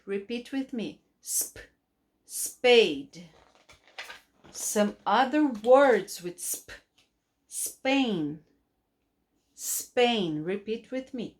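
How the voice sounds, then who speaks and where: A woman teaches children phonics in English with a Brazilian Portuguese accent. She speaks at a very slow, deliberate pace, stretching out each sound. Her voice sits at a middle pitch, and she pauses so the kids can repeat after her. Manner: slow, drawn-out modeling of sounds for repetition.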